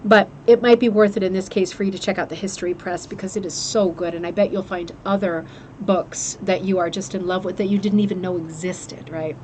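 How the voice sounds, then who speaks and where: A woman's voice: on the low side, steady tone, brisk, a little mellow, slight background noise. A woman hosting a craft club livestream, chatting casually about a book and gushing with fillers and restarts. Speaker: host of a rug hooking club livestream. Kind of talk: casual chat, reviewing a book.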